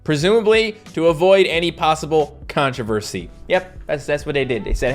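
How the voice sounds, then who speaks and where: A man's voice: fairly high pitch, a little fast, faint music behind. A man giving sarcastic, mocking commentary on old cartoons. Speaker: YouTube commentator.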